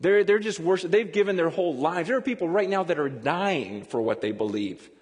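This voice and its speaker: A male pastor delivers a sermon in a lively, conversational style and often laughs as he talks. His voice sits a little high for a man. The sound rings with the long reverb of a large church hall. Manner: animated, conversational preaching with quick laughs.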